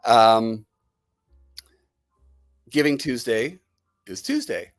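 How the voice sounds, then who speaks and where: A man hosting a live stream talks to his viewers in a rambling, enthusiastic sales patter. His voice sits at an ordinary middle pitch and is recorded close and dry, with faint music underneath. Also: expressive, drawn-out words, dry recording. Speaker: host. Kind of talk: live-stream product chat, answering viewer comments.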